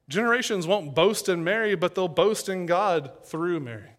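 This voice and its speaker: A man's voice: sits high, expressive, measured pace, hardly any pauses, fairly bright tone. A man from East Tennessee preaching a sermon in a conversational, earnest way, building to emphatic points. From East Tennessee, USA.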